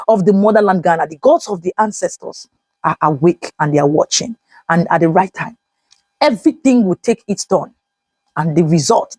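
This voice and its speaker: A woman's voice: mid-range voice, a little mellow, breathy edge, no room sound. A woman vlogger giving impassioned, declamatory commentary, rallying her viewers with repeated phrases. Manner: fiery, declamatory, repetitive rallying.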